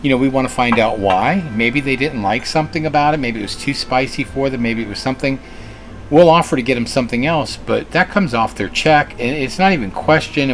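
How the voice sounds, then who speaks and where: A man's voice: mid-range voice, a little hiss or hum. A man who co-owns a restaurant, telling stories in a casual interview with an earnest manner and lots of fillers and restarts. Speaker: restaurant co-owner.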